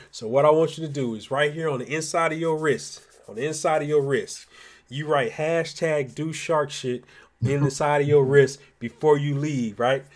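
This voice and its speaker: A man co-hosting a live online talk show, giving laid-back motivational advice full of slang. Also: fairly high pitch. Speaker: co-host. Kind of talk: casual live-stream chat.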